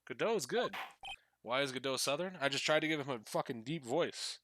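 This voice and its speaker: A man's voice: medium pitch, animated, a little fast, noisy background. A man hosting a video, casually commenting while he plays, joking and swearing in asides. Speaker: gaming video host. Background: loud game music.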